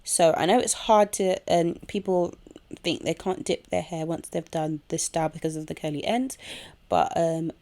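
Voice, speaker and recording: A young woman walks viewers through a home tutorial in an easygoing, chatty way. Her voice sits low with a gravelly fry, and she talks while chewing gum. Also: moderate pace, warm tone. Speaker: hair tutorial host. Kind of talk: casual step-by-step tutorial. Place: home room with a kettle nearby.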